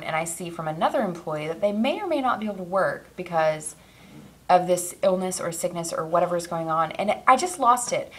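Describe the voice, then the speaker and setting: A young adult woman vlogs casually to her camera, rambling and emotional, full of fillers, restarts, and small laughs. Her voice is lowish and a bit bright.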